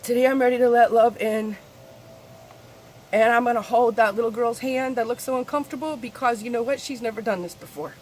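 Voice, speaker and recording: A woman talking candidly in a personal spiritual vlog, confessional and swearing freely, her voice swinging between soft and loud. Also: a little high, brisk, a little hiss or hum. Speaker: spiritual vlogger.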